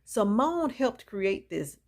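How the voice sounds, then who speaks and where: A woman's voice: medium pitch, big pitch swings, slow pace, darkish tone. A woman chatting through a reality TV episode recap, opinionated and gossipy, talking straight to her viewers. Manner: opinionated, chatty, mixes in reactions. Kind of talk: casual gossipy show recap.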